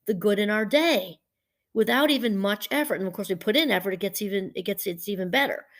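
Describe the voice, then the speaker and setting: Woman professor with a mid-pitched voice, chatty teaching talk, digressive with frequent restarts. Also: fast. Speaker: professor and podcast host. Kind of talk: casual teaching monologue.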